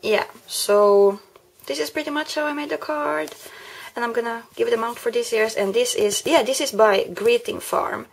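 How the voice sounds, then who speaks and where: A woman showing a handmade card she made, unhurried, often pausing to search for the right word. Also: a little high, creaky, a little hiss or hum. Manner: unhurried, pauses to search for words. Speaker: craft vlogger. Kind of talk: card-making tutorial vlog.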